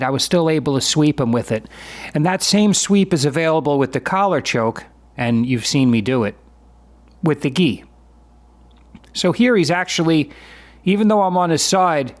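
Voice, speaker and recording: Man in his fifties giving calm commentary. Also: a little high. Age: 50s. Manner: matter-of-fact, explanatory, conversational. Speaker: jiu-jitsu practitioner narrating his own sparring footage. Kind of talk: voice-over commentary on a sparring video.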